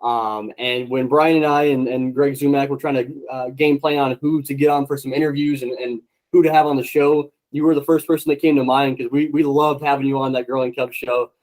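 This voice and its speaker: A man's voice: mid-range voice, fairly even intonation, fairly quick, hardly any pauses, darkish tone, low-quality recording. Chatty male podcast host. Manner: chatty, many fillers, friendly. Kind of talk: casual interview.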